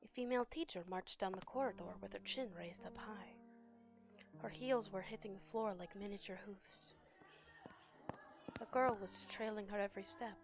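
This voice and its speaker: Woman reads a gloomy sixth-grade boy: hushed, gravelly, put-on Russian accent. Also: medium pitch, steady tone, moderate pace, over music, lightly acted. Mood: uneasy. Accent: attempted Russian accent. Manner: hushed, half-whispered reading. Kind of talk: reading visual novel narration.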